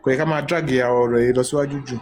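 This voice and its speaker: A man with a Yoruba Nigerian accent, reading Bible verses aloud slowly in a casual group discussion and then arguing his point emphatically. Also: medium pitch, fairly even intonation, a little mellow, a little hiss or hum. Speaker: discussion participant reading scripture.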